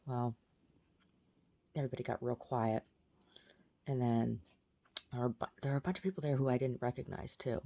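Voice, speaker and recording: A woman's voice: rumbling low, fairly even intonation, moderate pace, long pauses, mellow. A woman telling about a strange dream in a casual vlog, rambling with many fillers and restarts. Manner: baby talk to her pet dog. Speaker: vlogger.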